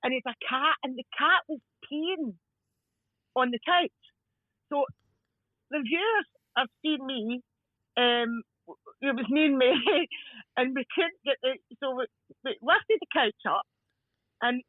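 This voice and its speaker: Scottish woman, really high voice, laughs through her stories, swears a lot, dry close sound. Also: slow, long pauses, dry recording, phone-quality sound. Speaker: guest, crime scene cleaner. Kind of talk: casual podcast chat.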